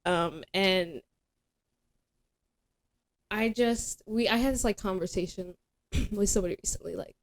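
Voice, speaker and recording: A young adult woman hosts a casual podcast chat at an ordinary mid pitch. She rambles in an animated way, stacking fillers as she explains. Her tone is loose and conversational. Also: a little slow, pauses often. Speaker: podcast host.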